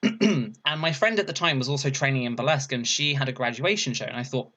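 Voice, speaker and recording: A young man, a burlesque performer, chatting casually as a podcast guest and telling a story, laughing often and acting out quotes in a higher voice. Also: fast talker, sharp tone, dull audio.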